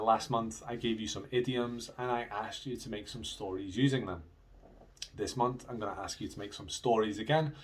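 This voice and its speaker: Upbeat teacher, slight Scottish accent. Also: male voice, on the low side. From United Kingdom. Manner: upbeat, clear, speaks slowly for learners. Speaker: English teacher. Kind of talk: friendly video lesson to students.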